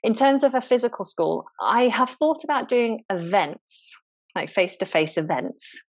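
A woman who teaches English, a guest in a relaxed interview, talking thoughtfully and often restarting her sentences. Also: mid-range voice, normal speed. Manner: thoughtful, frequent restarts and repeated words. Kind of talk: casual conversational interview.

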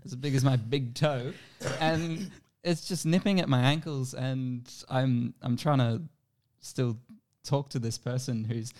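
An easygoing man in a relaxed conversation. His voice sits at a middle pitch, and he laughs often as he tells his tale. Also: a little slow. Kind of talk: casual chat.

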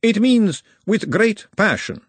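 A man's voice: high-pitched, very animated, takes it slowly, no room sound, voice pushed up, exaggerated voice. A man voicing a refined, clever middle-aged woman who speaks in a precise, formal way, her voice set well above his own. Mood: cool, amused.

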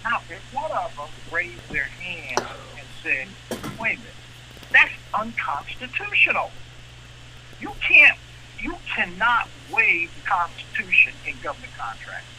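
A man co-hosting a radio talk show, speaking with an impassioned manner that climbs into animated outrage. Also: high-pitched, unhurried, a little hiss or hum, low-quality recording.

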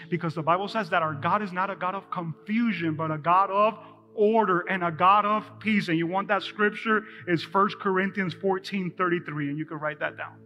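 Bright, high-voiced energetic preacher man. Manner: energetic, addresses the congregation directly. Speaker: pastor. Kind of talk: live sermon. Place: church in front of a congregation.

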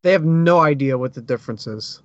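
A man's voice: fairly high pitch, lively intonation, fairly quick, no room sound, muffled recording. A man who is a guest on a podcast, trading sardonic quips in a casual, profane chat over an online call.

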